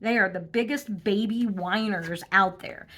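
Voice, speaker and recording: A woman's voice: medium pitch, measured pace, fairly bright tone, a little hiss or hum. A woman reading tarot cards on camera, talking casually in a snarky, laughing way, with frequent ums and restarts. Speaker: tarot reader. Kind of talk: casual political tarot commentary.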